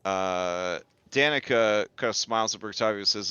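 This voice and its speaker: A man narrating as game master in a tabletop game, unhurried and full of fillers. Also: lowish voice, bright, forceful tone, clear, resonant tone, no echo.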